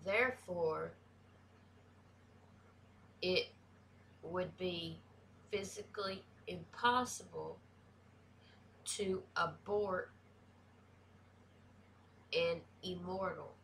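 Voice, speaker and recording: Woman, Southern US country accent, reaction host, slow pace, low-ish pitch, blunt chatty manner. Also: fairly even intonation, creaky, fairly bright tone, a little hiss or hum. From American South. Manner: chatty, blunt, swears freely. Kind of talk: casual reaction commentary.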